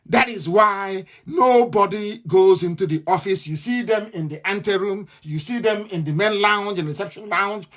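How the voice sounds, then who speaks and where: A man's voice: high-pitched, fairly bright tone. Male radio broadcaster, fiery and mocking, hammers points through repetition, live monologue.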